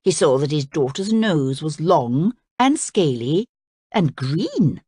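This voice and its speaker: Woman reading a children's story, lively. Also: low-pitched, slow pace, husky, no room sound, studio quality. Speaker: storybook reader. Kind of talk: children's story read aloud.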